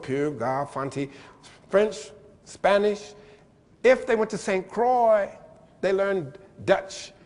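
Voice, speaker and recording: A man giving a lively lecture-style keynote address, playful and animated, spelling out letters and mimicking pronunciations. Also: high voice, long reverb tail. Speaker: keynote speaker.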